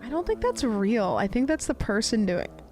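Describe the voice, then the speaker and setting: A woman's voice: fairly high pitch, very animated, moderate pace, a little mellow. A woman streamer chatting casually, telling rambling stories full of fillers and giggles. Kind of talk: casual chat.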